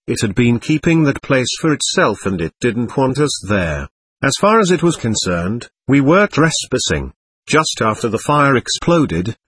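Casting: a male audiobook narrator, husky, lively pitch, earnest memoir reading. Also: no echo. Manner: earnest, measured storytelling.

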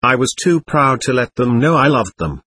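The subdued, remorseful ghost of a once selfish man, as a male reader puts him on. His voice is a little husky and heard dry and close, with a lively pitch that drops low in shame. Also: moderate pace, dry recording. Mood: ashamed.

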